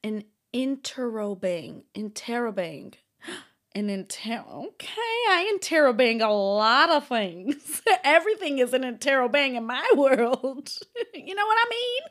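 Giggly young woman thinking out loud. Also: high-pitched, big pitch swings, unhurried. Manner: giggly, bursts into loud laughter; thinks out loud, stumbles over hard words. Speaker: vlogger doing a quiz alone. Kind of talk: casual chat to camera.

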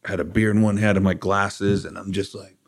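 A man's voice: on the low side, a little fast. A middle-aged man, a rock guitarist as guest, telling his story candidly in a studio, livening up when he acts out his own past words. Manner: candid, animated in quoted asides. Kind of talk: casual storytelling.

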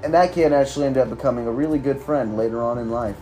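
A man's voice: medium pitch, quick pace, mellow, faint music behind. A young man hosting a podcast, telling a school story in a casual, sarcastic, profane way with lots of filler words. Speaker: podcast host.

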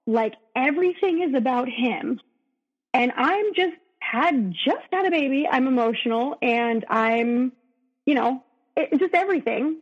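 Earnest woman with a higher voice. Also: animated, a little slow, slightly rough. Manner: earnest and emotional, with frequent restarts. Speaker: podcast guest. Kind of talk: candid personal storytelling in an interview. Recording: dull, lo-fi sound.

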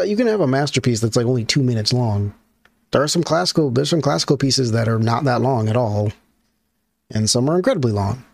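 A man with a gravelly voice hosts his own radio show, recorded with no room sound. The podcast host talks casually and rambles, restarting sentences and climbing high in pitch when he gets worked up.

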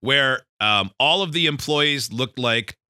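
A man's voice: medium pitch, slow pace, clean tone, no room sound, clean studio sound. A man co-hosting a comedy radio show, telling stories in casual banter and laughing often. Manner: laughs often, animated storyteller.

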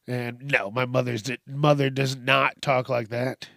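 A man's voice: mid-range voice, level tone, normal speed, creaky, hardly any pauses, fairly bright tone, no room sound, studio quality. A man hosting a solo podcast, rambling and swearing, sometimes calling himself by name in the third person. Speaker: podcast host.

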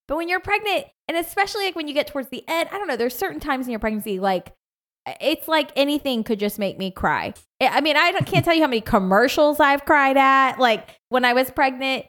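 A woman co-hosting a podcast in casual chat, giggly, animated and emphatic. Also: high-pitched, fairly quick. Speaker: podcast co-host.

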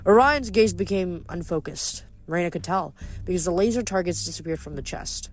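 Audiobook reader, measured and even, middling pitch, soft music underneath. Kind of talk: audiobook reading.

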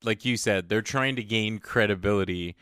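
A man's voice: on the low side, normal speed, a bit bright, smooth, dry recording, clean studio sound. A man co-hosting a podcast in casual chat, laughing often and giving short reactions. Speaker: podcast co-host.

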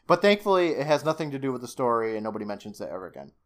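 This podcast co-host, a man with a mid-range voice, talks very fast and with tons of energy while recapping a TV episode in casual conversation. He swears freely, laughs often, and acts out quotes from the show.

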